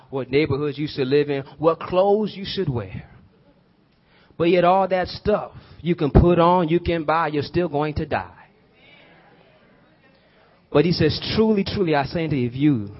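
A man preaching a sermon, swinging from hushed prayer to shouted emphasis, using y'all and rhetorical questions to his listeners. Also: mid-range voice, muffled recording. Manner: uses y'all and call-and-response questions.

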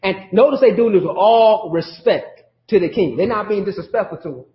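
High-voiced preacher in a roomy church. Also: male voice, expressive, a little fast. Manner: conversational preaching with call-outs and laughter. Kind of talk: sermon. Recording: roomy, dull lo-fi sermon audio.

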